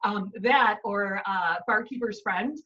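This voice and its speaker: This woman takes her time, her mid-range voice pushed and bright, as she demonstrates a recipe in her home kitchen. A chef instructor with a Chicago accent, she chats and explains while cooking, frequently adding "right?" and "um." The sound is dull and recorded from a distance.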